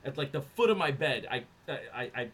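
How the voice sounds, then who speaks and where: A man co-hosting a podcast, telling a long story in casual chat, profane and animated, acting out other people's lines. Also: mid-range voice, fairly quick. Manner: profane, animated, acts out voices in anecdotes. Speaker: podcast co-host.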